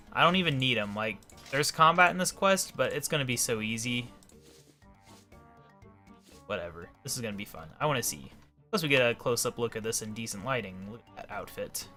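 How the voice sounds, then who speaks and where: A man's voice: medium pitch, sharp tone. A man casually commenting while playing a video game, with offhand, wry asides. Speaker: let's play host.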